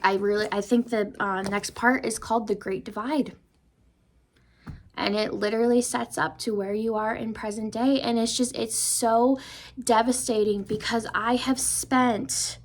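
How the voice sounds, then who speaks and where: A young woman vlogger talking through a book she is reading, emotional and full of restarts, sometimes dropping into a whisper. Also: a little high. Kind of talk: casual book discussion.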